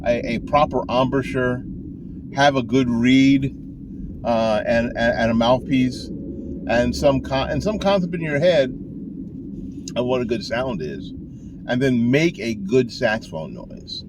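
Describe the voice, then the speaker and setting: A man's voice: medium pitch, measured pace, noisy background. An older man, a saxophone teacher, giving casual, folksy advice in a rambling way with frequent restarts, recorded in a car. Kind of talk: casual talking-to-camera advice.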